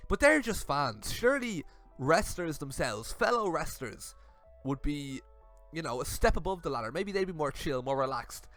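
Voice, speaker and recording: Lively, high-pitched man. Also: moderate pace, faint music behind. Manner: animated, laughing, switches into silly voices for messages. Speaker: YouTube commentator. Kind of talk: comedic commentary reading messages aloud.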